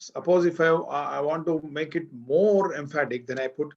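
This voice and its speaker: A man with an Indian English accent teaches an English grammar class, quizzing his students and going over his points again and again. His voice sits a little high, with vocal fry, and he speaks at a normal speed. The lecture is captured in dull audio.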